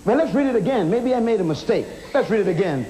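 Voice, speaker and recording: A man's voice: high voice, very animated, quick pace, mellow, a little hiss or hum, rough recording. A man preaching a sermon in an auditorium, emphatic, asking rhetorical questions and calling the crowd to respond.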